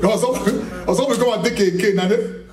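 A high-pitched man speaks a little fast over crowd noise, preaching a charismatic sermon in a church hall. The distant mic gives an echoey sound as he emphasizes and repeats lines, asks rhetorical questions and frequently laughs.

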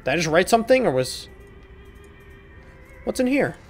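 A man's voice: sits high, big pitch swings, moderate pace, soft background music. A man hosting a horror game playthrough, talking to the characters with joking, profane, mock-apologetic banter. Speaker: gaming video host. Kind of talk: horror game let's play commentary.

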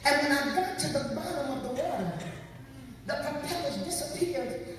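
A woman's voice: high-pitched, lively intonation, moderate pace, faint music behind. Woman preacher, repeats lines and calls to the crowd; long reverb in a big church hall. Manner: preaching that swings from quiet storytelling to shouted calls; repeats words and calls out to the congregation. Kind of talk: sermon. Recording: echoey hall, mic heard from far off.

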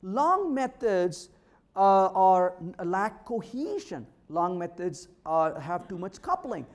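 A man speaking to a live audience at a meetup, his voice leaping up and down with lively, sing-song pitch. He teases the crowd with wry jokes and keeps firing questions at them. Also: slow. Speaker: conference speaker. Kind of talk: humorous technical talk to a live audience. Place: meetup room.

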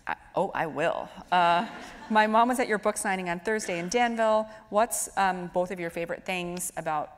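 A woman in her thirties hosting a stage conversation, talking in a lively, filler-heavy, storytelling way. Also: lowish voice, moderate pace. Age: 30s. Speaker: host moderating a stage conversation. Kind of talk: chatty onstage conversation. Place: stage of a live event in a hall. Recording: echoey hall with faint noise.

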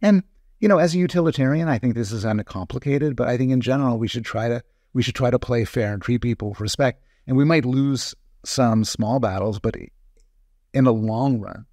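A man's voice: mid-range voice, fairly quick, darkish tone, no echo, clean studio sound. A man, a psychologist guest in a podcast interview, arguing his points in a careful, reasoned way. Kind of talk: conversational interview.

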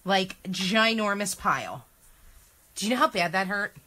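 Philly-lady doing a craft vlog at home, bright voice, gabby and exclaiming a lot. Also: mid-range voice, animated, measured pace, slight background noise. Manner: chatty, self-deprecating, exclaiming. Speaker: craft vlogger. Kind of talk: casual chatty craft demo.

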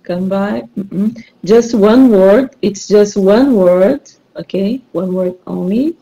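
A woman's voice: mid-range voice, slow, dark tone, low-quality recording. A woman teaching English online, running a rhyming word game and patiently repeating clues and praising her students.

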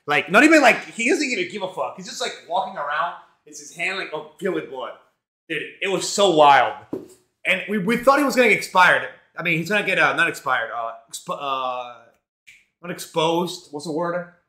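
Man, streamer, profane rambling storyteller, bright tone, roomy echo. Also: on the high side, moderate pace. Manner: profane, animated, rambling with many fillers. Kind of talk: casual storytelling on a live stream.

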